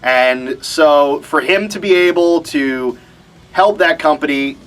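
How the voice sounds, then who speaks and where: A man's voice: fairly high pitch, slow, fairly bright tone. Wry young man hosting a wrestling vlog. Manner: mock-reluctant, wry. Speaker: wrestling show host. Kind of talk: casual vlog chat.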